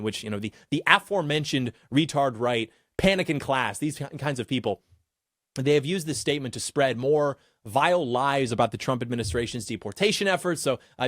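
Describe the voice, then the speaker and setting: A man's voice: medium pitch, expressive, fairly quick, dry recording, studio quality. A male host delivering a political commentary monologue in a combative, sarcastic manner.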